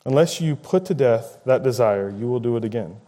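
A man's voice: medium pitch, lively intonation, fairly quick, dark tone. A man preaching a conversational sermon, paraphrasing scripture and acting out quoted lines with rising emphasis.

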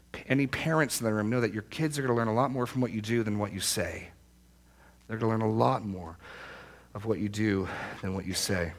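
A man preaching a sermon to a small church congregation, speaking in an earnest, emphatic way and repeating his key phrases for weight. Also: medium pitch. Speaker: pastor.

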